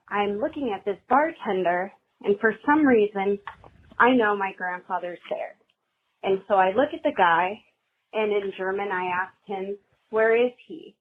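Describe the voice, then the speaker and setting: A woman's voice: medium pitch, slight background noise. Nervous woman rambling on a tinny phone line. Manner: rambling, nervous, self-deprecating. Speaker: caller leaving a hotline voicemail. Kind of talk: phone voicemail storytelling.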